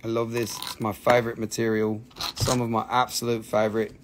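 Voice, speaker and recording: Background noise accompanies this medium-pitched man, who talks fairly quickly in a completely flat delivery while hosting a live-stream rock and mineral sale. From the Appalachian Valley, United States, he chats casually, joking, swearing, laughing often and trying on funny accents.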